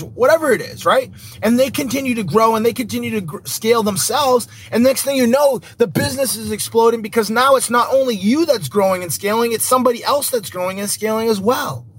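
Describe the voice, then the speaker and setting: High-voiced animated man, podcast host. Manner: animated, repetitive, lots of "like" and "right?". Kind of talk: casual solo podcast talk.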